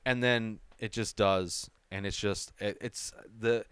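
A man hosting a movie review show, talking in an excitable, casual way, swearing freely and often asking "right?". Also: lowish voice, slow, clean tone, no echo.

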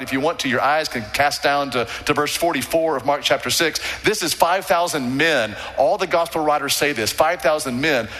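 A pastor delivers an earnest, emphatic sermon, his bright, forceful voice ringing through a big sanctuary with long reverb. He slows down and drops low to stress key words. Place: large church sanctuary.

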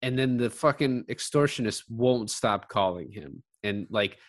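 A man's voice: on the low side, a little slow, no room sound, clean studio sound. A man co-hosting a casual film chat, retelling scenes with lots of laughter and fillers. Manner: chatty, laughs often, retells scenes with quoted lines. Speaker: podcast co-host.

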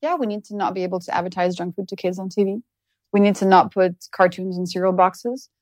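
Fast-talking woman with a French accent. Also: medium pitch, steady tone, a little mellow, no room sound, studio quality. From France. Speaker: guest, nutrition educator. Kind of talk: casual interview chat.

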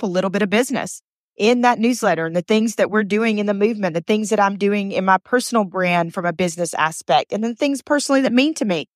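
A woman's voice: mid-range voice, no room sound. Earnest woman podcast host, dry sound. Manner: earnest, repeats phrases for emphasis; chatty, personal anecdote telling. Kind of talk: motivational podcast storytelling.

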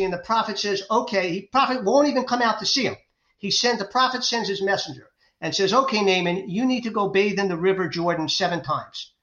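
A man, the guest author on a faith podcast, talking in a fervent preaching way and retelling stories with excitement. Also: high voice. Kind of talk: faith-based podcast interview. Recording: roomy, dull lo-fi sound.

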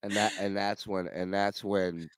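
A man's voice: fairly low pitch, measured pace, clear, resonant tone, no echo. A man in his forties hosting a podcast, telling a comedic story with lots of profanity and acting out the people in it. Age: 40s. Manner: animated, profane, acts out quoted people. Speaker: podcast host.

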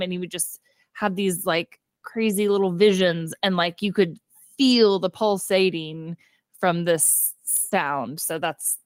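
A woman's voice: medium pitch, clean tone, no room sound, clean studio sound. Chatty woman podcast co-host. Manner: chatty storytelling, acts out quotes, laughs often. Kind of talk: casual movie review chat.

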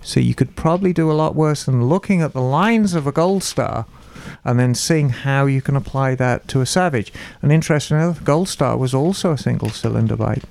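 A man's voice: medium pitch, a little fast, creaky, a little mellow. A man co-hosting a motorcycle podcast, chatting casually and reading listener emails aloud with wry asides. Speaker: podcast co-host. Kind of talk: casual chat.

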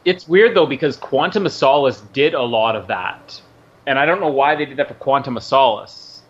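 A man's voice: medium pitch, lively intonation, moderate pace, slightly rough. A man co-hosting a podcast, chatting casually and laughing often while watching a movie. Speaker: podcast co-host. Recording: muffled lo-fi audio.

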